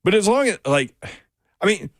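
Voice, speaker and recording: Male sports radio host, expressive pitch, jokey hot takes, dry booth sound. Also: normal speed, no room sound. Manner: lively, laughs often, jokey hot takes. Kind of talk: casual sports talk.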